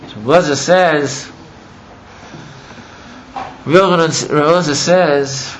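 A religious teacher with a lowish voice retells a story in class at a fairly quick pace, rambling, filling his talk with "you know," and getting animated as the story builds. The recording is muffled, with steady background noise.

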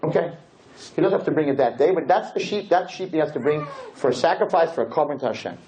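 A man teaching a class as a rabbi, telling stories in an animated, joking way and acting out the scenes. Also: fairly high pitch, fast talker. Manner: animated, jokey, acts out scenes. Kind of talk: lively storytelling lesson. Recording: dull lo-fi with faint noise.

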